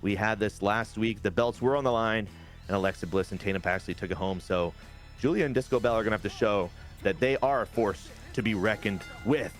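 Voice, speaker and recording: Excitable man recapping game matches. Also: fairly low pitch, fairly quick, faint music behind. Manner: excitable, swears casually. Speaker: player recapping his game league. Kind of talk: casual gameplay recap commentary.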